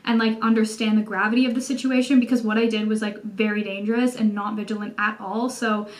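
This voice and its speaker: A young Canadian woman vlogging a casual storytime from home, chatty and animated, full of "like" fillers. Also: mid-range voice, quick pace. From Canada, Toronto. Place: indoors at home by a window.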